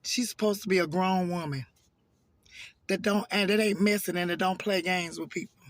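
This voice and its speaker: Hoarse, high-voiced man telling a story. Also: moderate pace, dry recording. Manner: chatty, animated, addresses viewers as y'all. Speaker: vlogger telling a work story. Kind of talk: casual storytime monologue.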